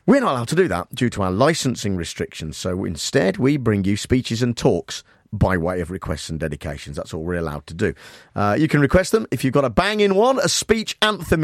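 A man hosting a comedy talk-radio show in a dry, deadpan way. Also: medium pitch, dry recording. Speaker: radio host.

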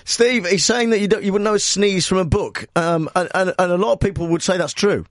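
A man's voice: high voice, a little fast, no room sound, studio quality. A man hosting a comic radio phone-in, agreeable and hesitant, stumbling through his words as he moderates callers. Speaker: radio host.

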